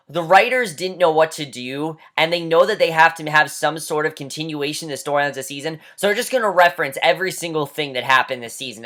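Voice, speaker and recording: A vlogger rants casually about a TV episode in a mid-pitched voice. The delivery is exasperated and mocking, with frequent swearing and a habit of repeating "honestly". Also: pushed and bright. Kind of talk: casual rant.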